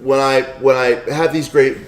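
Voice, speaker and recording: A man's voice: mid-range voice, fairly even intonation, moderate pace. A middle-aged man being interviewed as a guest, chatting casually and telling anecdotes with frequent asides to his listener. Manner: storytelling with many "you know" and "right?" asides. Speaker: podcast guest, author and lawyer. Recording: roomy echo.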